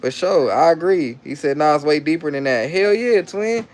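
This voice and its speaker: This livestream host has a slightly high, somewhat mellow voice and talks at normal speed in an animated way. He reads out viewer comments, repeats himself in loose slang, and is playful and coaxing with his child.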